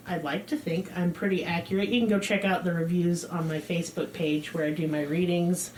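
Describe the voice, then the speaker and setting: A woman's voice: on the low side, darkish tone, slight background noise. A woman, co-hosting a podcast in a blunt, profane, joking way. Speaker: podcast co-host. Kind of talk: casual chat.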